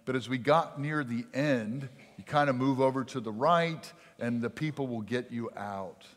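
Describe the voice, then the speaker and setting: A male pastor preaching a sermon earnestly, swinging from forceful emphasis to hushed, quiet lines. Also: mid-range voice, moderate pace. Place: church sanctuary. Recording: church hall reverb.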